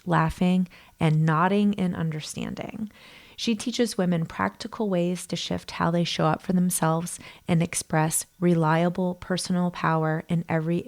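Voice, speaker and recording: A woman in her thirties hosting a podcast interview, speaking softly and often dropping to a near whisper. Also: lowish voice, vocal fry. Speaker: podcast host, inner voice coach.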